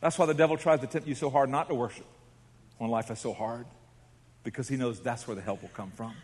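A man preaching a sermon as pastor, telling stories dramatically and swinging from hushed tones to shouts. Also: medium pitch, a little fast, husky. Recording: long reverb of a large hall.

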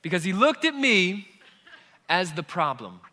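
A male pastor in his thirties preaches to his congregation in a bright, forceful voice pitched a little high. His storytelling moves from quiet asides to loud bursts of emphasis, and his words ring through a large hall with a long echo. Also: sing-song, measured pace. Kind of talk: sermon.

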